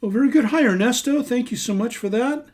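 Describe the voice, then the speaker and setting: A singer-songwriter hosts a casual livestream, his voice extremely high and a little fast. Warm and rambling, he chats and reads viewers' names aloud while scrolling through the comments.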